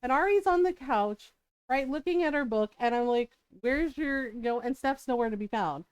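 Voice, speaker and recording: A middle-aged woman with a high voice chats on her stream and tells stories from family life. She laughs a lot and keeps checking in with her listeners. Her voice sounds close and dry on the mic. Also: animated, moderate pace, clean tone, no echo. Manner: laughs often, keeps asking "right?". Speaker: streamer and mother. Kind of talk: casual storytelling chat on a live stream.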